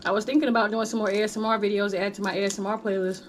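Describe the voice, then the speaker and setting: A woman's voice: mid-range voice, little pitch movement, rapid-fire. Woman doing a mukbang, laid-back chatty talk between bites, faint noise in the back. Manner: chatty, drawling, folksy with "honey" and "y'all". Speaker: mukbang vlogger. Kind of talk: casual chat while eating.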